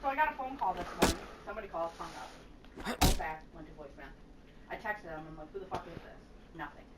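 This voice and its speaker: A woman's voice: on the low side, fast talker. Profane woman telling stories on voice chat. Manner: profane, animated retelling with quoted voices. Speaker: gamer chatting on voice call. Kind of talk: casual storytelling. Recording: echoey, distant, noisy game voice chat.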